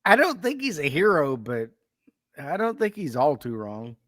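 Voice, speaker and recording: Male podcast co-host, slightly high voice, chatty storyteller who laughs a lot; dry close mic. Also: sing-song, moderate pace, fairly bright tone, no echo. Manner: laughs often, tells anecdotes with quoted dialogue. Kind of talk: casual chat, reading a story aloud.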